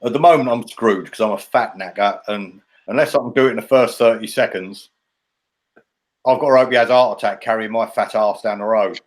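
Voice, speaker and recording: A man's voice: lowish voice, a little fast. A man hosting a casual chat, with jokey, blunt banter. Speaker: host.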